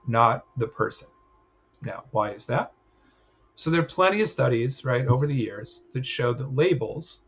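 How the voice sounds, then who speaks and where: A man with a mid-range, slightly rough voice teaches a clinical training session in a recorded lecture. He explains ideas loosely and conversationally, often checking in with "right?", and the sound is slightly dull with faint ambience.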